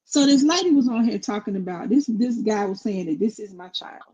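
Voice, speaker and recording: Blunt, husky-voiced woman. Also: mid-range voice, fairly quick, highs cut off. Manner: blunt, opinionated, steady even tone. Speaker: co-host. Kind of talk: casual commentary.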